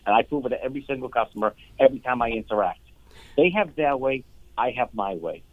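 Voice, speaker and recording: A man who owns a car dealership, speaking as a guest in a casual interview, earnest and full of quick restarts. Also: medium pitch, expressive, no echo, phone-quality sound.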